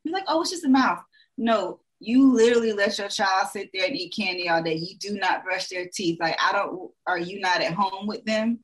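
A woman's voice: medium pitch, moderate pace, few pauses, poor audio. A young adult woman, a dentist, talking frankly in a casual podcast chat, full of "like" and "you know".

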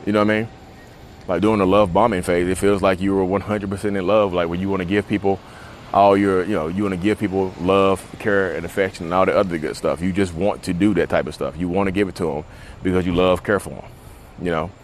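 A man's voice: sits low, fairly even intonation, fast, a little hiss or hum. A man talking casually to camera outdoors at a beach, rambling and conversational with lots of fillers. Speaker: vlogger.

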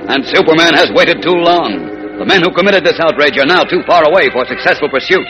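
A man's voice: a little high, expressive, a little fast, over music, rough recording. A male announcer narrating a 1940s radio serial in a dramatic, suspenseful way.

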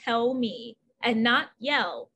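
A woman in casual chat, expressive and quick, acting out quotes dramatically. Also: fairly high pitch, slightly rough.

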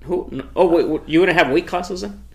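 A young man co-hosting a podcast in casual chat, easygoing, firing off quick questions and laughing along. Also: sits high. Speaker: podcast co-host.

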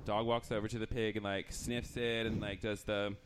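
A man's voice: on the low side, level tone, moderate pace. Man, podcast host, playful storyteller, noisy live room. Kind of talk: live podcast banter and joke telling.

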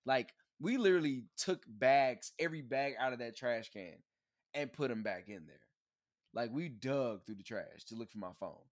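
Lively joking young man. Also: mid-range voice, moderate pace, dry recording, clean studio sound. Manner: joking and playful, teasing his co-host. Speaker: co-host. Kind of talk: casual chat.

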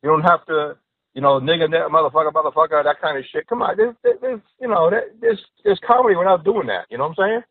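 Fast-talking man on a tinny phone line. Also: on the high side, sing-song, dry recording. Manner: rambling, repeats "you know". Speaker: comedian guest. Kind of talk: casual chat and joke telling.

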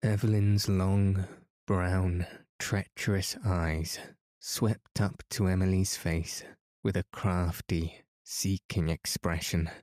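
Slow, deep-voiced bedtime narrator. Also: male voice, dry recording, studio quality. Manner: calm, soothing reading. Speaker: podcast narrator.

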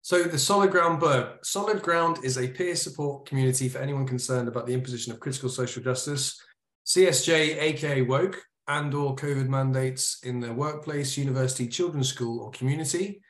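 A man's voice: medium pitch, steady tone, brisk, fairly bright tone. A man co-hosting a casual live stream over a video call, chatty and easygoing. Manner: chatty, laughs easily with the group. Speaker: co-host. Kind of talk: casual chat and read-out blurb. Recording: roomy echo on a video call.

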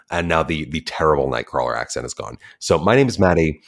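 A man with an extremely low, deep voice hosts a casual podcast chat. He is playful and theatrical, and leans into effusive, dramatic phrasing. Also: animated, fast talker, creaky. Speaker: podcast host.

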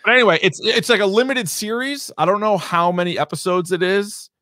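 Bright-voiced man chatting on a podcast. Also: high voice, fairly quick, dry recording, studio quality. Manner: chatty, rambling, swears casually. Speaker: podcast co-host. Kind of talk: casual chat.

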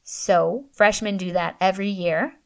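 A woman's voice: mid-range voice, steady tone, unhurried, vocal fry. A woman voicing a stern, icy professor. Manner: clipped, icy and formal. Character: stern, curt female professor, middle-aged.

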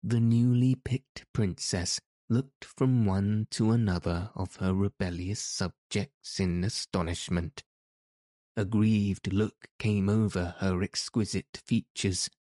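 Reading aloud from a storybook, a male audiobook narrator keeps an unhurried, deliberate pace and an even, measured delivery. His low voice has a mellow quality, captured in a dry, close recording without echo or room sound.

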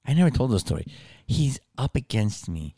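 A man chatting casually and telling a story with plenty of swearing and "dude" thrown in. His pitch rises and falls a great deal as he talks. He sounds loose and animated. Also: moderate pace, slightly rough. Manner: animated, swears freely, says "dude" often.

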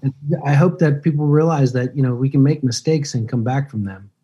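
A man in his fifties, an actor guest on a podcast, telling relaxed, rambling stories and laughing easily. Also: medium pitch, a little fast, breathy edge, highs cut off. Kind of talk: casual podcast interview.

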